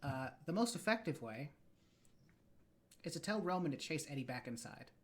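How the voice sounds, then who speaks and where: Game master, narrates slow with long dramatic pauses, mid-pitched voice. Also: big pitch swings. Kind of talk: narrating a tabletop role-playing game.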